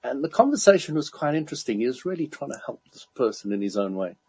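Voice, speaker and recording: A man's voice: medium pitch, fast talker, husky, no echo. A man in casual chat, telling an anecdote with lots of laughter and acted-out quotes. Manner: animated anecdote-telling, laughs often, acts out quoted people.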